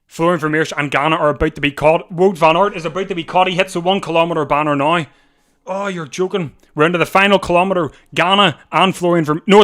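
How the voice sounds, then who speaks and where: A man hosting a live watch-along, calling a bike race in a breathless, excitable way and repeating himself as the finish nears. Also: on the high side. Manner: breathless, rising to shouts at the finish; talks fast over the race, repeating himself. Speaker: livestream watch-along host. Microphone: desk mic.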